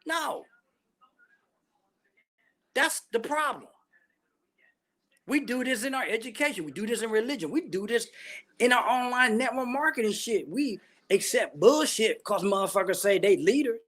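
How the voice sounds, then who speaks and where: A man's voice: very high-pitched, animated, normal speed, pauses often, a bit bright. A man ranting bluntly and profanely about politics, full of heavy slang. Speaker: vlogger giving opinions.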